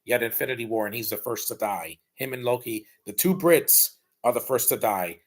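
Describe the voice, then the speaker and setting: A man's voice: medium pitch, expressive, brisk. A man giving casual, blunt and rambling live commentary while rewatching a film. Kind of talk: casual opinionated watch-along commentary.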